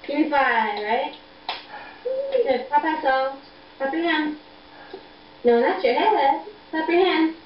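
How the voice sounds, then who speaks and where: A young mother coaxing her toddler in high sing-song baby talk over a video call, repeating simple prompts. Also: slow, pauses often. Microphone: computer video call mic. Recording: dull echoey video-call audio, faint noise.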